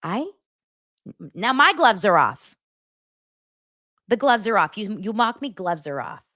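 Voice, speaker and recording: A woman's voice: medium pitch, slow, no echo, clean studio sound. A woman hosting a podcast, recapping a reality show in casual commentary and acting out the cast's lines in mocking voices. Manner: animated, acts out quotes in mocking voices. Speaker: podcast host.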